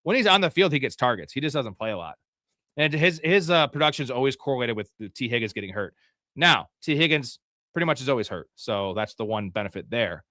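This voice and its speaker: A man hosting a live fantasy football draft stream, cursing and venting as picks go against him. His voice is bright and tense, and it sometimes jumps into loud yells. The sound is dry and close, with almost no room around it. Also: medium pitch, big pitch swings, quick pace, dry recording. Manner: profane, frustrated, outbursts of yelling.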